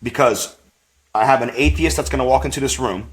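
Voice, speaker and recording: A man, a podcast guest, tells a personal faith story in a rambling, animated way, with lots of fillers and acted-out quotes. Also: mid-range voice, a little fast. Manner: rambling, full of "like" and "you know"; animated, acts out quoted voices.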